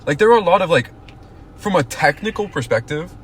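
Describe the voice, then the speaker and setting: A man's voice: a little high, expressive, brisk, a little hiss or hum. A young man co-hosting a podcast in casual chat, rambling with restarts and swearing. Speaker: podcast co-host.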